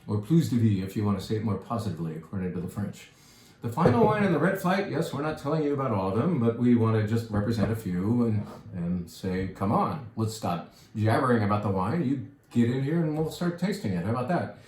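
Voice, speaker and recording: A man with a fairly low voice talks about wine casually and enthusiastically, stopping to savor sips with contented murmurs. He sounds like a shop steward presenting his picks. The room around him is echoey. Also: a little mellow. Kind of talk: casual wine tasting talk.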